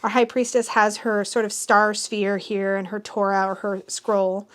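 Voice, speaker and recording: A woman in a casual unboxing chat, gushing and excitable, gasping and squealing as she shows off a new tarot deck. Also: mid-range voice, measured pace.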